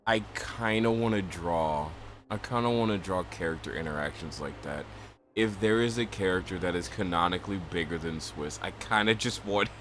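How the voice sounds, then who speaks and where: A man's voice: low voice, moderate pace, fairly bright tone, slight background noise. A man chatting casually as a streamer, rambling and giggly. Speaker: streamer reading fan content. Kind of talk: casual chat.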